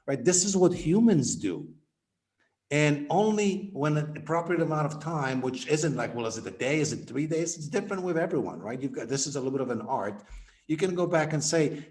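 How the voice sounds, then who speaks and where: A man's voice: fairly high pitch, expressive, a little fast, darkish tone. A man guest on a podcast interview, a business coach who animatedly acts out sample conversations in quoted voices.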